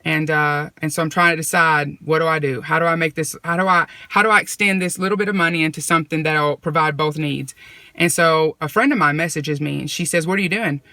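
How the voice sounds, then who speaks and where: A woman's voice: sits low, steady tone, fairly quick, sharp tone, dry recording. A woman casually sharing a faith testimony, retelling a conversation with lots of "I said". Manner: conversational, retelling dialogue with repeated "I said". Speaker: vlogger sharing a personal testimony.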